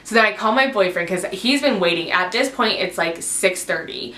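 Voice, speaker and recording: A woman's voice: mid-range voice, lively intonation, normal speed, pushed and bright. A young adult woman vlogger telling a casual storytime, rambling and emotional, with lots of "like". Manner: rambling, emotional retelling full of "like". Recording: echoey room with faint noise.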